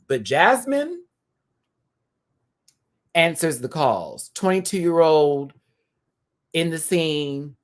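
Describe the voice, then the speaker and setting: Young male host, live review rant, very animated delivery, lots of laughing asides. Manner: animated, swinging from low mutters to loud squeals, laughing.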